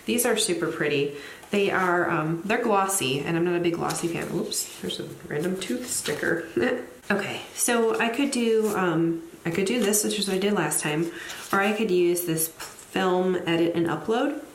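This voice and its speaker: A woman with a slightly low voice chats her way through planning her week, thinking aloud and poking fun at her own habits. Her voice rings in a roomy space, with a faint hiss behind it. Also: normal speed. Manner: chatty, thinks aloud, self-deprecating asides. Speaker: planner vlogger; teacher. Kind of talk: casual plan-with-me narration while decorating.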